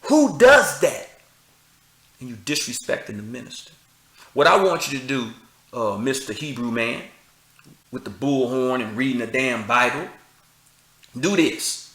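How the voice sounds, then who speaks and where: A man's voice: medium pitch, normal speed, long pauses, fairly bright tone, roomy sound. A man, speaking preachy and confrontational, firing rhetorical questions and street slang. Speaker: commentator. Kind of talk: impassioned address to camera.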